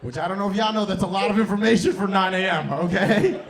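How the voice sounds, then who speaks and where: This young comic and host, fairly high-voiced, talks at a quick pace into a handheld mic before a comedy club audience. His material is loose and profane, and he often cracks up at his own lines.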